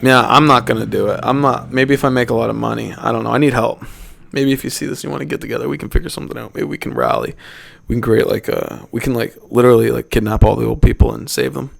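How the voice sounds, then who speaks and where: A man's voice: mid-range voice, fairly even intonation, fast, vocal fry, hardly any pauses. A young man from Canada hosting a casual solo podcast, rambling and profane, often cutting himself off and restarting. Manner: rambling, profane, self-interrupting. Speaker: podcast host.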